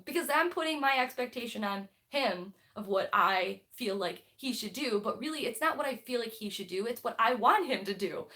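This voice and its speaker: A woman's voice: fairly high pitch, fairly bright tone. A young woman hosting a book club livestream, talking casually and bluntly with lots of fillers and restarts.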